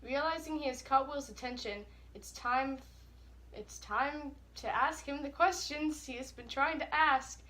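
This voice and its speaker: Bright-voiced young woman reading aloud. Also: sits high. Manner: flat, hurried reading broken by giggles. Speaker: co-host. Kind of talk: reading fan fiction aloud for laughs.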